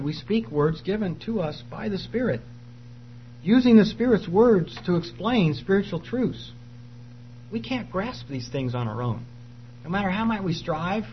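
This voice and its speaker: A man delivers an earnest sermon in a slightly raised voice, leaning on key phrases with emphasis. The recording is dull and lo-fi, with a faint hum underneath. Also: fairly high pitch. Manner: earnest, emphatic preaching reading scripture aloud. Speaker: preacher.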